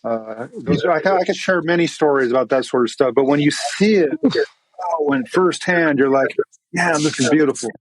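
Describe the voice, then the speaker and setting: A man's voice: fairly high pitch, normal speed, rough recording. A man, a pastor, tells an emotional story in a podcast interview with an earnest manner and many restarts.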